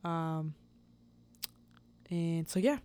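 A woman hosting a podcast, telling a personal story in a chatty, animated way, laughing often and acting out the dialogue. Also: on the low side, extremely slow, clear, resonant tone. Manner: chatty with many fillers and restarts. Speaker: podcast host. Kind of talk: casual storytelling.

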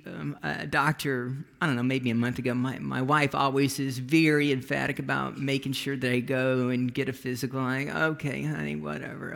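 A man's voice: fairly high pitch, vocal fry, pushed and bright. A man preaching a sermon as pastor, telling stories in a conversational way with frequent restarts.

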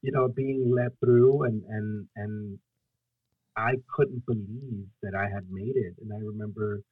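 A young man from Guatemala, a storyteller and solo performer, telling his own story as a podcast guest in an earnest, halting way. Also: lowish voice, steady tone, slightly rough, no echo, narrow, tinny audio. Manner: earnest, halting, acts out his own past pleas and quotes. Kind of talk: emotional personal storytelling in a podcast interview.

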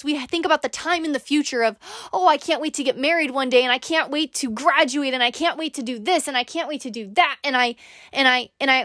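A woman's voice: sits high, fairly bright tone, no echo, studio quality. A woman hosting a podcast, giving an earnest, encouraging monologue straight to the listener. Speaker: podcast host. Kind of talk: motivational monologue.

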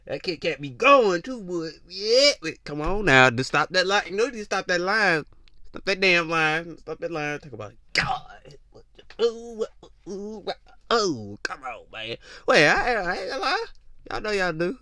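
A man's voice: sits high, big pitch swings, normal speed, bright, forceful tone. A young man hosting a podcast, giving a teasing, slangy comedic monologue full of repeats and mock voices. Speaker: podcast host.

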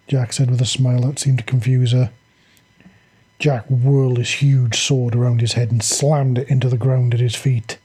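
A man reading a fantasy story aloud with steady, dramatic storytelling. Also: mid-range voice, moderate pace, husky. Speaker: audiobook narrator.

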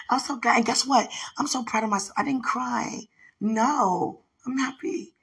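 A speaker leaving a rambling, affectionate voice message, gushing with warmth and thanking God along the way. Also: mid-range voice, husky. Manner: effusive, rambling, affectionate, often devout.

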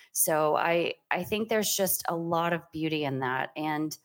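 A woman co-hosting a podcast, reflecting thoughtfully on what her guest shared. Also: deep voice. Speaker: podcast co-host. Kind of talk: candid podcast conversation.

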